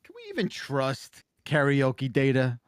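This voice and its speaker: A man's voice: mid-range voice, wildly swooping pitch, measured pace, smooth, dry recording. A man co-hosting a casual podcast, telling rambling stories about his son with many restarts. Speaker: podcast co-host, father.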